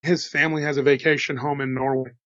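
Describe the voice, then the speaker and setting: A man recounting a strange encounter in a casual storytelling manner, slightly hoarse after an illness, dropping "you know" and "dude" as he goes. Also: mid-range voice, fast talker, no room sound, muffled recording. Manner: relaxed, chatty, says "dude" and "you know". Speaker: storyteller relaying witness accounts.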